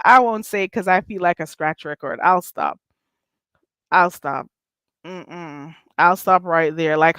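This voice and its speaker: A woman's voice: fairly low pitch, a bit bright, no room sound. A woman with a Caribbean accent hosting her own channel, chatting casually and bluntly to her viewers in a sassy, rhetorical way. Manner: blunt, sassy, rhetorical, reads chat names aloud. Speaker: channel host. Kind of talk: casual livestream chat.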